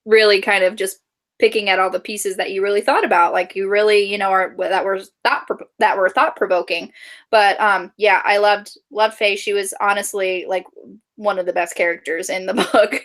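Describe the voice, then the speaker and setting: A woman's voice: mid-range voice, fairly even intonation, moderate pace, a bit bright. A woman co-hosting a casual book club chat. She is chatty, giggles often and fills her speech with "like" and "you know".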